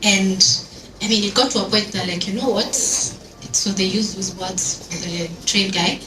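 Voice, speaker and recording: A woman on an event panel speaks with a medium pitch at a slightly slow pace, telling stories in an animated way and switching into Swahili at times. It's a lively panel talk with audience interaction in an event hall. The recording is noisy, echoey, and captured from far away.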